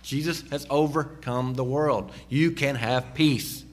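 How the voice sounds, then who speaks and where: A man preaching a sermon, slowing down and dropping low on key phrases and rising sharply when he exhorts. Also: steady tone. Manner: emphatic, slows and drops low on key phrases; rises sharply in pitch and volume when exhorting. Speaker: pastor.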